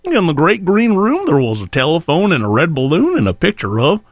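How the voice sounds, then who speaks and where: A man's voice: fairly high pitch, wildly swooping pitch, fairly quick, no room sound, exaggerated voice. A man putting on a goofy impression of an older Scottish film star with a Scottish accent, reading a bedtime story in a hammed-up way.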